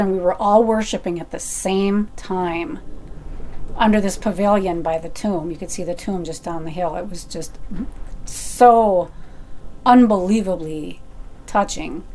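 Middle-aged woman, casual storytelling, chatty and animated, bit self-deprecating. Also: mid-range voice.

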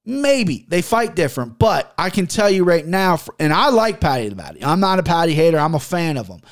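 A young man chatting on his own podcast in a loose, profane, joking way. His voice sits a bit high for a man, and he rambles through stories and betting picks. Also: sing-song, brisk. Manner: loose, profane, jokey storytelling. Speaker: podcast host and sports betting picker. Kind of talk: casual solo podcast chat.

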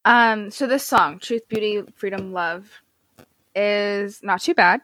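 A young woman co-hosts a podcast in a casual chat, speaking slowly in a mid-range, slightly bright voice. She adds sarcastic asides and uses plenty of fillers.

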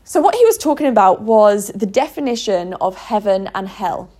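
A woman's voice: medium pitch, very animated, moderate pace, mellow. A woman talking to camera in an earnest, emotional vlog monologue, often restarting her sentences. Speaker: vlogger.

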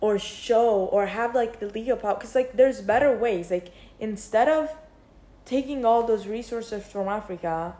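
A woman's voice: fairly high pitch, moderate pace, mellow, roomy sound. A young woman vlogging, thinking aloud in a rambling, casual way with many fillers. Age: young adult. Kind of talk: casual reflective monologue.

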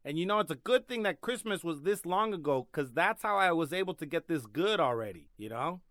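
A young man hosting a podcast, doing a sarcastic comedic monologue that swings between loud bits and mumbled asides. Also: a little high, animated, fairly quick, no echo. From Mexican-American. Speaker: podcast host.

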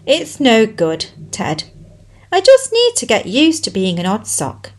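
A lonely little boy sock with a soft, plaintive, very high voice, as a woman reads him. His lines rise and fall a lot, slow and gentle. A storybook figure. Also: huge pitch swings, full character voice. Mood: sad. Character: sad lonely young male odd sock.

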